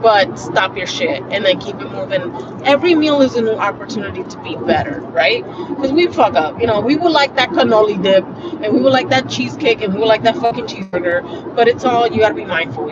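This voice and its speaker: A woman talking casually and bluntly to her viewers while driving, swearing freely as she chats. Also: medium pitch. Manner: blunt and profane, chatty. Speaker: vlogger. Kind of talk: casual car vlog monologue. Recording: muffled lo-fi audio with road noise. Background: traffic and road noise.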